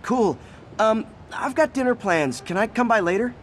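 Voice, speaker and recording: An upbeat, chatty young hero with a fairly high voice. City traffic noise hums clearly behind his game dialogue. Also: expressive, normal speed. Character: young male hero, friendly and earnest.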